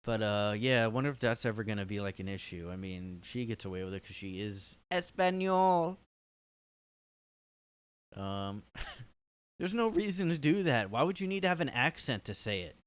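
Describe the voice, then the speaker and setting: A man's voice: on the low side, expressive, fairly quick, hardly any pauses, clear, resonant tone, no echo. A man hosting a casual solo podcast from his room, rambling and hesitant, full of "like". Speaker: podcast host.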